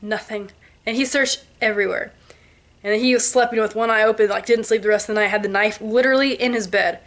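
Twenties woman vlogger, slightly high voice, lively storyteller who acts out noises and voices. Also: fast talker. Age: 20s. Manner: animated, with sound effects and quoted voices. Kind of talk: telling a ghost story to camera.

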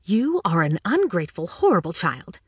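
A prim, proper older mother, voiced by a woman reading an audiobook, speaks in a low, cool, clipped tone. Her voice sits lower and quieter than the narrator's own. The recording is dry and close. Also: sing-song, moderate pace, husky, no echo. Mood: haughty. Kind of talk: audiobook character voice.

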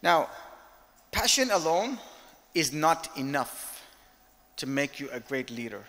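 A man giving an interactive leadership lecture, talking candidly and telling animated stories with direct questions to the audience. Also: on the high side, slow pace. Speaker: guest speaker, company director. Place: lecture hall, filmed. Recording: long hall reverb.

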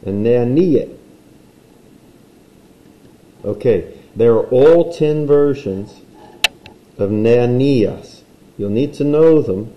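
A man's voice: medium pitch, reverberant, highs cut off. A man teaching a recorded language lesson, playful and explaining while he draws.

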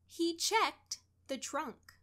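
Bright high-voiced woman reading a story. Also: slight background noise. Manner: expressive, deliberate storytelling. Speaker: storybook reader. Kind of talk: children's story read-aloud.

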